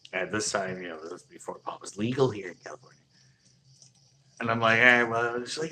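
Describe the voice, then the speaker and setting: A man's voice: lowish voice, lively intonation, fast talker, pushed and bright, slight background noise. A man telling a long casual anecdote, rambling with many fillers and chuckling as he goes. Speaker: storyteller.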